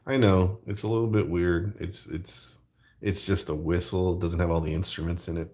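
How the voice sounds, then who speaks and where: A man's voice: low-pitched, fairly even intonation, moderate pace, mellow. A middle-aged man hosting his own channel, rambling jokily in casual chat and laughing often. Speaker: YouTube art channel host.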